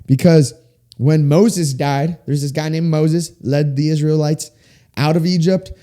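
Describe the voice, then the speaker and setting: A man in his twenties hosting a faith-based solo podcast, talking with big swings up and down in pitch, in a small room with sound panels. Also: steady tone, measured pace, dark tone. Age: 20s. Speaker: podcast host.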